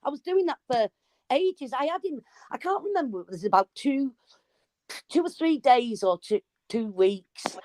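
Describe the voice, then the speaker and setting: A woman telling a story in casual chat, animated and swearing freely. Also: high-pitched, moderate pace, no echo. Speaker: live stream guest.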